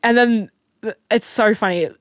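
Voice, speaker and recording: A young Australian woman in casual chat as a podcast guest, telling stories in an animated way with plenty of fillers and restarts. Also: fairly high pitch, normal speed, no echo, studio quality. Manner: chatty, animated storyteller with frequent fillers and restarts.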